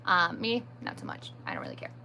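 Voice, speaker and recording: Bright-voiced chatty woman streaming live. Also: on the low side, huge pitch swings, quick pace, vocal fry, a little hiss or hum. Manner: chatty, answers viewer comments as they come; self-deprecating. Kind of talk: casual live-stream chat.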